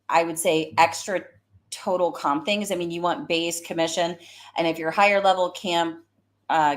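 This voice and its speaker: A woman with a Southern US accent hosting a solo live stream on career advice. She talks like a recruiter, chatty and fired up, with plenty of fillers. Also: mid-range voice. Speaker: host, recruiter.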